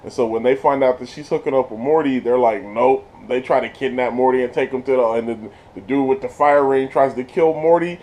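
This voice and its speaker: A man giving a casual spoiler review of a TV episode, slangy and excited, laughing often as he retells scenes. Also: mid-range voice, a little fast, few pauses.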